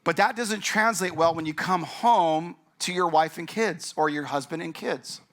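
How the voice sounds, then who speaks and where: A man's voice: on the high side, normal speed, a bit bright. A man preaching a casual, conversational sermon as pastor, joking as he goes. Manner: joking and conversational, acts out characters' lines.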